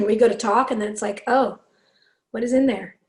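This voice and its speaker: A woman with a raspy voice, a singer guesting on a podcast, telling stories excitedly and swearing freely. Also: on the high side, normal speed. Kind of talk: casual chat.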